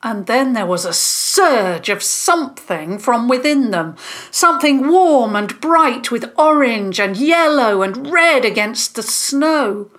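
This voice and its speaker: A woman narrating a children's story in an expressive, scripted way. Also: fairly high pitch. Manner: slow, expressive.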